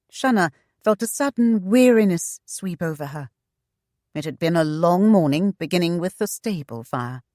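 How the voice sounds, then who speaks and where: A woman reading a historical romance audiobook in a measured, expressive way. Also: sits low, no room sound, studio quality. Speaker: audiobook narrator. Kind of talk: scripted narration.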